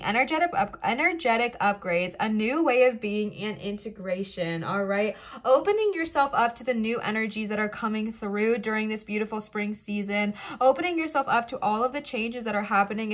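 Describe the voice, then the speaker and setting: A young adult woman giving a casual pick-a-card tarot reading, encouraging and animated, often checking in with "okay?" and "all right?". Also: fairly high pitch. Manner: animated, laughs and talks while moving cards. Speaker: tarot reader.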